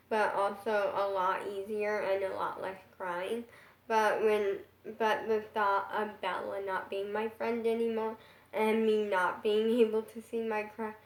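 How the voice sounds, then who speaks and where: A young girl telling a rambling personal story in a casual vlog, full of "like" fillers. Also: medium pitch. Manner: rambling, filler-heavy with constant "like". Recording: echoey room.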